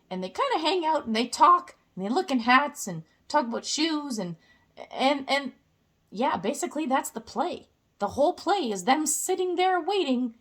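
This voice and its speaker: A young woman giving a casual, playful explainer with jokey asides. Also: high-pitched.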